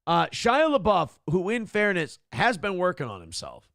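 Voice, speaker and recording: A man in his forties hosts a morning talk show, his high-pitched voice carrying a touch of vocal fry at a moderate pace. He tells profane, rambling stories in a casual, animated chat style. The recording is studio quality with no echo.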